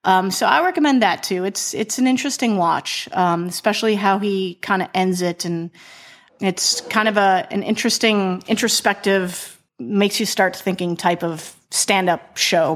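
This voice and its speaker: A woman from Chicago co-hosts a pop-culture podcast in loose, casual chat. She swears freely, gushes about what she likes and keeps restarting her sentences, at an ordinary middle pitch. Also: normal speed. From Chicago, USA. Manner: profane, enthusiastic, restarts often. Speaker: podcast co-host.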